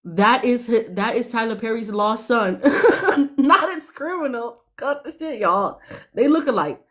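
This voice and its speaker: A young woman giving animated, sassy commentary on a reality show, laughing often. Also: on the high side, unhurried. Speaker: podcast panelist.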